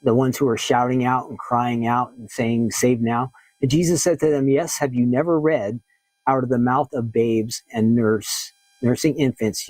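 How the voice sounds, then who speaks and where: A man's voice: mid-range voice, a little mellow, no echo, low-quality recording. A man leading a casual Bible lesson, reading verses aloud and explaining them plainly in everyday words. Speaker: Bible teacher.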